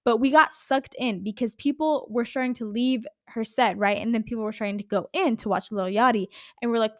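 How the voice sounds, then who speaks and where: Woman podcast host, slightly high voice, loose profane storytelling, solo casual chat. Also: brisk, no echo, clean studio sound. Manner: animated, swears a lot, rambling storytelling.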